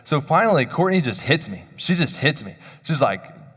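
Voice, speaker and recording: A man's voice: mid-range voice, very animated, normal speed, few pauses, fairly bright tone. A man in his thirties giving a chapel sermon, telling personal stories in a conversational, self-deprecating way. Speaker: chapel speaker. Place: university chapel hall. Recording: long hall reverb.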